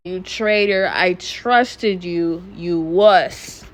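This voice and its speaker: A woman's voice: lowish voice, very slow. A woman putting on the voice of a bossy, scheming male cartoon baby who hurls indignant insults. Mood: outraged.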